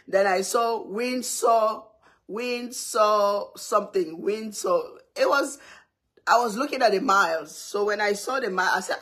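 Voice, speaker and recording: A woman telling a story casually, animated and laughing often as she acts out others shouting. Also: mid-range voice, measured pace. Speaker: cooking vlogger.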